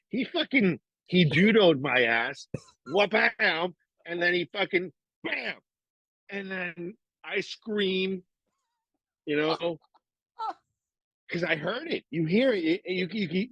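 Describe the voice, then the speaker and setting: Animated, cursing middle-aged man telling stories. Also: high-pitched, measured pace, slightly rough, no echo, lo-fi sound. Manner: animated storytelling, swearing, acting out quotes. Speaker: podcast co-host. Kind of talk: casual chat.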